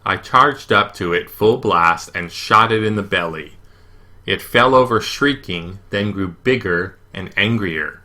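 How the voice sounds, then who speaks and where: Bright-voiced man narrating a storybook. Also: fairly low pitch, measured pace. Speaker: audiobook reader. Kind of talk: first-person storybook narration.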